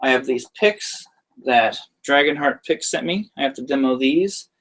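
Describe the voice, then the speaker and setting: A man's voice: medium pitch, lively intonation, normal speed, a bit bright. Laid-back young man chatting. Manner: laughs lightly mid-sentence. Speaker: guitarist answering viewer questions. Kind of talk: casual live-stream Q&A.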